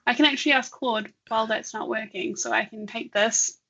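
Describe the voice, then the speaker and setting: A woman with a bright, forceful voice co-hosts a casual online session, talking her way through a live software demo and laughing often. Her audio comes through a slightly dull, lo-fi video call line. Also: on the high side, fairly even intonation, a little fast, gravelly. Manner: chatty, laughs often, thinks aloud. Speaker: webinar co-host.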